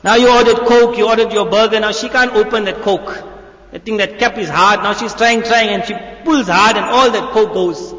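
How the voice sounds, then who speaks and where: High-voiced man preaching in an echoey hall. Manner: animated storytelling, acting out voices in quick asides. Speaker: molana giving a youth talk. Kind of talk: sermon. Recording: echoey hall, dull lo-fi audio.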